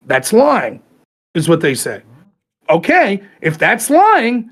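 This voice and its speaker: A man's voice: high-pitched, very animated, measured pace. A man hosting a podcast, ranting animatedly about politics in casual, profane talk. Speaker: podcast host.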